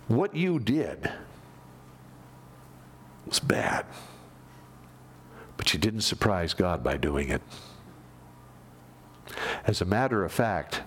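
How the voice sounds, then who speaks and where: A man preaching a sermon, animated, moving from loud emphasis down to near-whispers. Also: lowish voice, slight background noise. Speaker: pastor.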